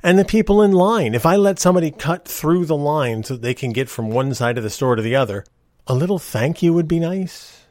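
Middle-aged male podcast host, lively earnest ranter, dry close sound. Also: a little high, a little fast, no room sound. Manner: ranting, earnest, animated. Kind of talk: casual monologue.

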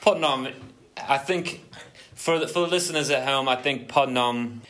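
A man's voice: medium pitch, moderate pace, a bit bright, natural voice. A man doing a blustery English footy fan. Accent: put-on English. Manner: blustery, mock-dramatic. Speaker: podcast host.

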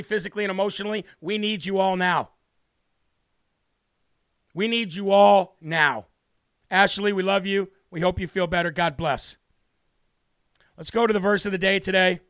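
A man's voice: high-pitched, fairly bright tone, clear, resonant tone, no echo, studio quality. A male talk show host giving a brash, emphatic, preachy monologue with a scripture reading.

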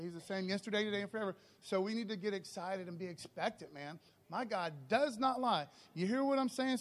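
A pastor with a high-pitched voice preaches in a loose, energetic way, dropping in "okay" and "man" between his lines. He delivers a sermon to his church.

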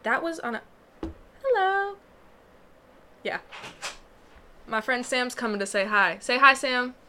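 A woman's voice: fairly high pitch, moderate pace, sharp tone. Young woman, podcast host in a small booth, rambling casual delivery, frequent laughs, faint background hiss. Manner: rambling, self-interrupting, laughs often. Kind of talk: casual solo podcast chat.

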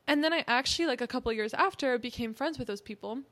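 A woman's voice: a little high, quick pace, fairly bright tone. A woman in her early twenties co-hosting a podcast, rambling casually with many fillers. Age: early 20s. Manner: rambling, filler-heavy, laughs often. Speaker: podcast co-host. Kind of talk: casual chat.

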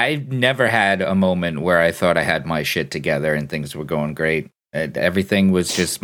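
A man's voice: low-pitched, fairly bright tone. A man in his thirties co-hosting a casual podcast chat, wry and self-deprecating, laughing often, sick with a cold. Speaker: podcast co-host.

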